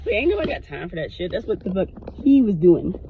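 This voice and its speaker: A woman vlogger telling a personal story to her camera in a frank, animated way, swearing freely. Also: lowish voice, quick pace, slight background noise. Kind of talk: casual storytime monologue. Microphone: self-recorded on camera. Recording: dull lo-fi sound.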